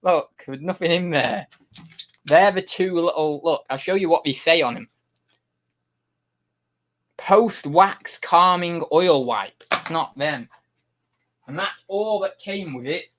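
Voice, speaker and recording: A man's voice: on the high side, normal speed. A young man chatting casually on a livestream, rambling with many restarts and getting exasperated with his chat.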